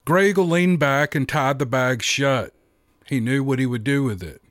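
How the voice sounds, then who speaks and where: A man reading a story aloud as a narrator, in a steady, measured manner. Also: mid-range voice, no echo, clean studio sound. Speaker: audiobook narrator. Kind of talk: scripted narration.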